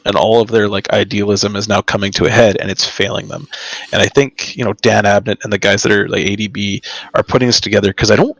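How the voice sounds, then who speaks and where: Halting low-voiced man discussing books. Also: no echo, low-quality recording. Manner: halting, many fillers like "like". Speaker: podcast co-host. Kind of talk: casual book discussion.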